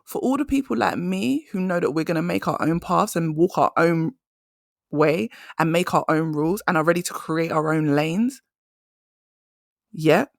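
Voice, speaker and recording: A woman's voice: deep voice, lively intonation, normal speed, vocal fry, no room sound, studio quality. A young adult woman hosting a solo career-coaching podcast, telling stories with emphatic conversational energy.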